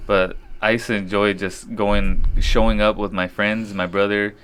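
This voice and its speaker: A young man with a fairly low voice co-hosts a casual podcast. He is laid-back and laughs easily, peppering his talk with slang. A faint hiss of background noise sits under his voice. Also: flat delivery, moderate pace, fairly bright tone. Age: young adult. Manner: laid-back, laughs often, says "dog" and "dude". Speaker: podcast co-host. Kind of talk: casual chat.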